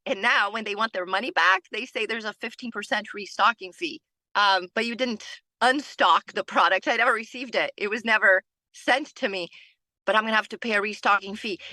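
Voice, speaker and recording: A woman's voice: mid-range voice, sharp tone, no echo, rough recording. A woman leading a team training call, talking earnestly and repeating phrases for emphasis, tired from lack of sleep. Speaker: team leader. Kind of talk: motivational team training talk.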